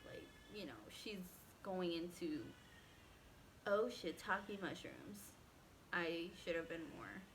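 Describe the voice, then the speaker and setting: Animated woman telling a story. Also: fairly low pitch, slow, a little hiss or hum. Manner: animated, acts out quotes, many "like" fillers. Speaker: vlogger. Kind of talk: casual storytime.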